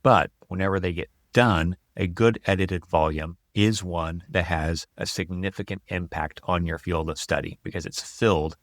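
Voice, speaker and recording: A man's voice: low-pitched, fairly even intonation, normal speed, hardly any pauses, no room sound. A man hosting an academic podcast, giving earnest advice in a tired voice that is almost gone. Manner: earnest, advisory. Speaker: podcast host and writing coach. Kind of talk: solo podcast talk.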